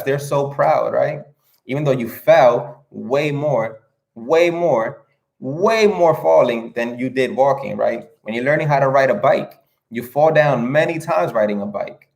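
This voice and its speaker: A young man gives an earnest, casual motivational talk straight to his camera. His voice has a gravelly, creaky edge at a middle pitch. He circles back over his points and keeps checking in with a quick "right?". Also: darkish tone. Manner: earnest, repetitive, asks "right?" often. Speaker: motivational vlogger.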